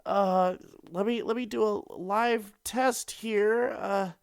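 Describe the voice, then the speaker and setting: A man's voice: fairly even intonation, takes it slowly, vocal fry, clean tone, dry recording, clean studio sound, heavily acted. A man voicing a panicky young male intern who stammers and pleads through a fake acne cream commercial. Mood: nervous pleading. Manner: stammering, pleading, flustered ad pitch. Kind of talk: comedic fake commercial skit.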